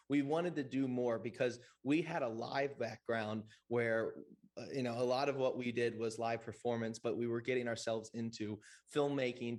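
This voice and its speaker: A man speaking as a VR game developer on a convention panel, eager but halting, with many "uh"s. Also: mid-range voice, a little mellow. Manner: enthusiastic, halting, heavy with fillers.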